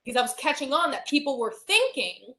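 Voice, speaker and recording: Young woman, halting, in a roomy echo. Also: high-pitched, big pitch swings, pushed and bright. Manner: halting, many fillers and restarts. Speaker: hypnosis client. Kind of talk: emotional personal account.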